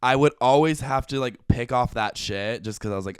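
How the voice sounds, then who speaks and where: Young man ranting with a crisp voice. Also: fairly low pitch, a little fast, hardly any pauses, no room sound. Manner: profane, animated ranting. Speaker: podcast host. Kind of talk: casual comedic chat.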